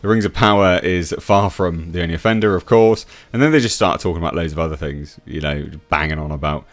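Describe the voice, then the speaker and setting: A man's voice: low voice, quick pace. A man from England, reading out an article and mocking it in opinionated commentary, laughing and restarting often. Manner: scoffing, laughs at what he reads, many restarts. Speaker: YouTube reviewer.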